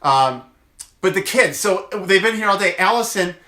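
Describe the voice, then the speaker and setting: A man talks through a casual video update, drifting from family stories to side thoughts with plenty of "uh"s and restarts. His voice has a bright, forward edge, and the room around him rings noticeably. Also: high-pitched, expressive, moderate pace, reverberant. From United States. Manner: rambling storyteller, many fillers. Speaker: chiropractor.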